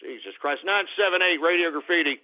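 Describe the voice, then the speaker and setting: A man's voice: on the high side, brisk, heavy background noise. A man hosting a call-in radio show, ranting in a profane, exasperated way. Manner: profane, exasperated, swears constantly. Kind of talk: call-in talk radio rant. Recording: tinny phone-like radio audio.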